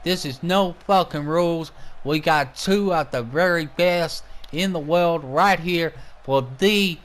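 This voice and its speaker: Male wrestling commentator, high-pitched, brash, profane play-by-play. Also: slow. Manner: brash, trash-talking, swears a lot.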